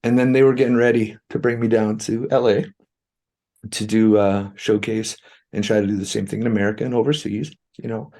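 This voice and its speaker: A man from Canada with a low, gravelly, husky voice, telling stories as an interview guest. He talks in an animated way and acts out other people's lines as he goes. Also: brisk. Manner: animated, acts out quoted dialogue. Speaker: musician guest. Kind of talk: storytelling interview talk.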